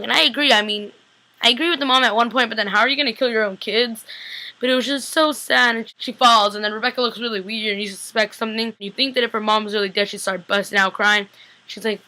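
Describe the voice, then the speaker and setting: A young woman casually recapping a TV episode, bubbly and chatty, acting out the characters' lines in quick asides. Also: fairly high pitch, fairly even intonation, sharp tone.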